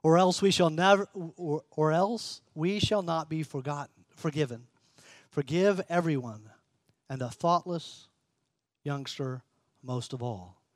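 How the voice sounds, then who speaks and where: A man reading as a gentle old shoemaker. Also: on the high side, unhurried, no room sound, clean studio sound, natural voice. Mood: earnest.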